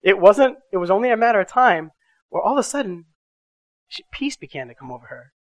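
Male pastor, middle-aged, sermon storytelling, dynamic loud-to-quiet delivery, dry close mic. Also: high voice, fairly quick, no echo. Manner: animated storytelling with swings from loud to soft.

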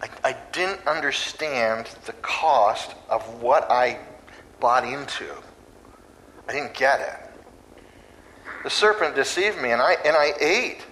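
A man preaching a sermon in a conversational, animated way, now and then acting out voices. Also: mid-range voice, slow pace, pauses often, a little hiss or hum, low-quality recording.

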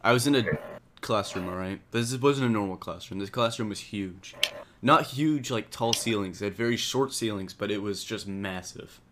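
A young man co-hosting a casual podcast, joking in a mock-defensive, drawn-out deadpan way. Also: fairly low pitch, background noise. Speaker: podcast co-host.

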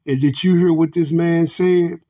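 Husky-voiced man ranting bluntly. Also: fairly high pitch, fairly even intonation, unhurried, mellow. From United States. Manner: blunt, profane, addresses listeners as family. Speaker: podcast host. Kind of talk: angry ranting commentary.

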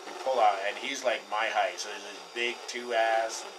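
A man's voice: fairly low pitch, steady tone, unhurried. A man from Colorado co-hosting a podcast, telling a long road-trip story in loose casual chat, rambling, laughing often and swearing offhand. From Colorado, USA. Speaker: podcast co-host. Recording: distant mic, faint background noise.

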